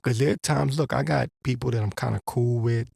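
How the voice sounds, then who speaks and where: A man's voice: mid-range voice, fairly even intonation, a little fast, gravelly, darkish tone, breathy edge, no room sound, studio quality. A man hosting a podcast, delivering a blunt, profane, rambling religious commentary with a preacher-like edge. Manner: rambling with restarts. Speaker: podcast host.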